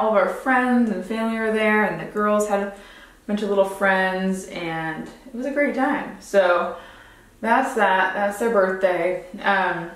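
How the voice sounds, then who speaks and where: A woman's voice: mid-range voice, fairly bright tone. Chatty young woman in an echoey room. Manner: chatty, rambling, lots of "like" and "um". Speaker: beauty vlogger. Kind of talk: casual makeup tutorial chat. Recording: roomy echo.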